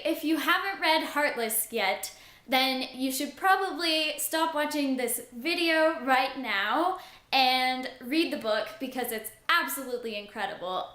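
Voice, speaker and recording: A woman's voice: sits high, roomy sound. Bubbly young woman gushing about a book. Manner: gushing, excitable, says "like" often. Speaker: book reviewer. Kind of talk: casual book review vlog.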